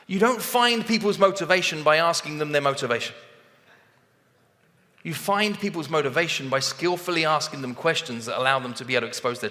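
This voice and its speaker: Man, high-pitched, bright, animated motivational talk, long hall reverb. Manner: animated, acts out both sides of conversations. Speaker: sales trainer speaking on stage.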